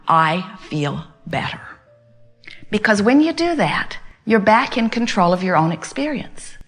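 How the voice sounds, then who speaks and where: A woman's voice: fairly high pitch, big pitch swings, moderate pace, faint music behind. A woman giving a motivational talk to a live gathering. She speaks emphatically as "we", repeats her points and builds long step-by-step lists. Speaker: inspirational speaker.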